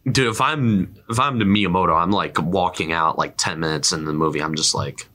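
Deep-voiced, bright, rambling male podcast host. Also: a little fast. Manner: rambling, animated, lots of fillers. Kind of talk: casual chat about movies and games.

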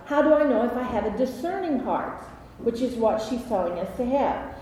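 A woman leading a Bible study lesson, telling a story in an animated, chatty way with many fillers. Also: a little high, moderate pace. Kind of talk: conversational Bible study teaching. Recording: echoey hall with long reverb, faint noise.

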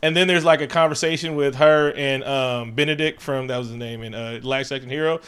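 A man co-hosting a podcast, recapping a movie in loud, profane, joking chat. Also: medium pitch, steady tone, brisk, clear, resonant tone. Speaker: podcast co-host.

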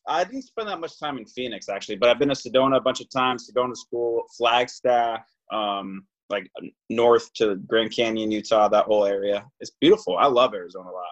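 A man's voice: medium pitch, a little fast, muffled recording. A man in casual chat, telling stories animatedly and acting out both sides of the exchanges.

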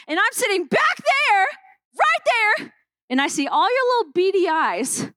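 A woman's voice: very high-pitched, big pitch swings, moderate pace, pushed and bright, no room sound. A young woman pastor opening a sermon with playful, self-mocking stories from a church stage.

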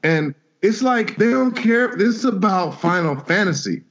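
A man's voice: high voice, a little slow. Laid-back man telling stories, lo-fi sound. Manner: animated, laid-back storyteller. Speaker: guest voice actor. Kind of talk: casual interview chat.

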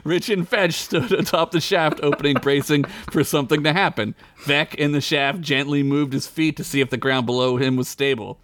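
A man's voice: fairly high pitch, steady tone, moderate pace, hardly any pauses, fairly bright tone, a little hiss or hum. A man narrating a crude, comic fantasy game story as game master, often breaking into giggles. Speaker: game master and podcast co-host. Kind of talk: comedic tabletop narration.

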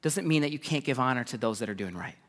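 A man preaching a sermon as pastor, animated, with sudden jumps in pitch and voiced asides, in a church. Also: fast talker. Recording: long reverb of a large hall.

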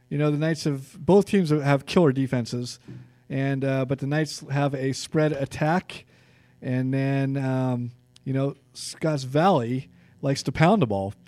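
A man's voice: mid-range voice, darkish tone, no echo. A man co-hosting a sports podcast, chatting casually and reeling off player stats with plenty of fillers.

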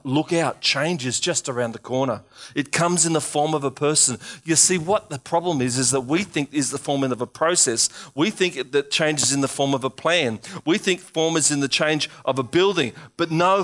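A man preaching in a church with a high, bright voice. He drives his points with repeated rallying calls, then drops into playful asides to the congregation. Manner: exhorting, repetitive, playful asides. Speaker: pastor. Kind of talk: sermon.

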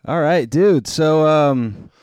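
A podcast host rambles loosely and stoned, full of fillers, speaking into a studio mic with headphones in a room at home overlooking the city. His voice sits on the high side and comes out slow and a little mellow. The tone is clean, with no echo and clean studio sound.

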